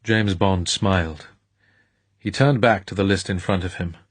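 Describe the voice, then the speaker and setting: A man narrating an audiobook in a measured, crisp storytelling manner. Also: deep voice, no room sound. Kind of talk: scripted narration.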